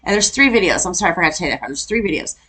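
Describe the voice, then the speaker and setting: A woman from Wisconsin hosting a casual reaction video, chatty and quick to exclaim. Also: on the low side, expressive, bright, forceful tone, breathy edge, poor audio. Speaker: YouTube reaction host.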